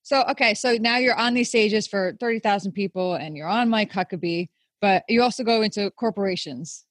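A woman's voice: medium pitch, fairly quick, no echo. A woman hosting an interview, chatting casually and rambling with many fillers. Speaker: interview host.

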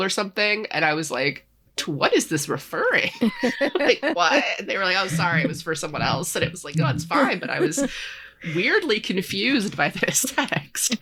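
A woman co-hosting a podcast, chatting casually about a book and acting out the characters in quick asides. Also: on the low side, fairly bright tone. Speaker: podcast co-host. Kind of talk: casual chat recapping a book.

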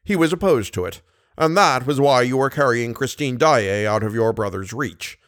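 A male narrator voicing a self-satisfied police commissary who questions briskly. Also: mid-range voice, lively intonation, fairly bright tone, no echo, studio quality, natural voice. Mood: probing.

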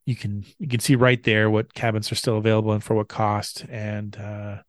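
A man's voice: fairly low pitch, flat delivery, moderate pace, no echo. A man co-hosting a podcast in casual chat, often stumbling and repeating words as he thinks. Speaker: podcast co-host.

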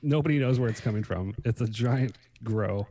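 A man co-hosting a casual podcast, speaking haltingly with restarts and fillers. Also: mid-range voice, warm tone, no room sound. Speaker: podcast co-host. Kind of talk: casual chat.

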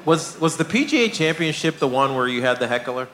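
A man hosting a casual interview, asking relaxed questions and giving brief affirmations. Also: on the high side, a little fast.

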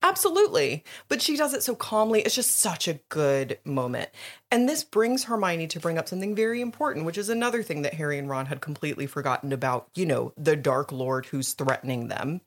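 A woman co-hosting a podcast, chatting casually about a book, animated and quick to laugh and swear. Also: sits low. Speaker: podcast co-host. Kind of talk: casual chat recapping a book.

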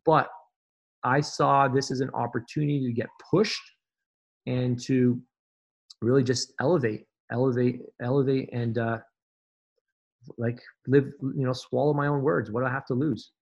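Guy on a podcast pumping people up, punchy and repetitive, steady middle voice. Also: mid-range voice, normal speed, pauses often, highs cut off. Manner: emphatic, motivational, repeats phrases for effect. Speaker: podcast guest, fitness business coach. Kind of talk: conversational interview.

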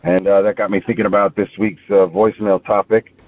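A man's voice: lowish voice, flat delivery, fairly quick, no echo, distant mic. Long Island man on a tinny phone line. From Long Island, New York. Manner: chatty storytelling with many fillers. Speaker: voicemail caller. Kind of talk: phone voicemail story.

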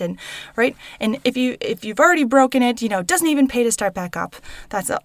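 A woman in her thirties hosting a solo podcast, chatty and upbeat, often tagging her sentences with a quick "right?". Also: medium pitch, vocal fry, no room sound. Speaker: podcast host. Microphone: recorded without her usual studio mic.

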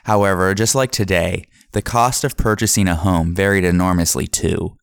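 A man narrating a history podcast from a script, in a measured reading manner. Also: deep voice, fairly even intonation, creaky, smooth, no room sound, studio quality.

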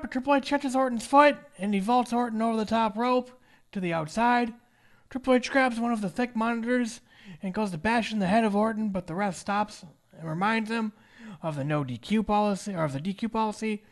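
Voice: medium pitch, a little fast. A podcast co-host chatting casually and joking while narrating a wrestling match move by move. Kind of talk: casual podcast chat with play-by-play recap.

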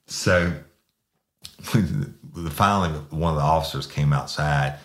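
A man's voice: very deep voice, takes it slowly, a bit bright. A man, a former police sergeant, telling a crude story bluntly with lots of restarts. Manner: blunt, profane, many restarts.

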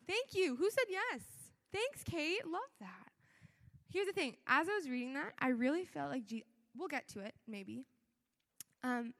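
A woman's voice: on the high side, a bit bright. A young woman giving a sermon in a church, talking in a conversational, earnest way with many fillers and restarts. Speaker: church speaker. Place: church hall. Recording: long echo of a large hall.

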